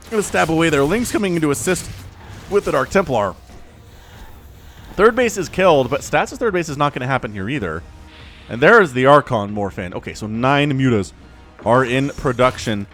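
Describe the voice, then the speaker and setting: Lively male esports caster. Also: mid-range voice, moderate pace, faint music behind. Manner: excitable, laughs often, chatty asides. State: hiccups. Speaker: game commentator. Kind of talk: solo esports play-by-play commentary.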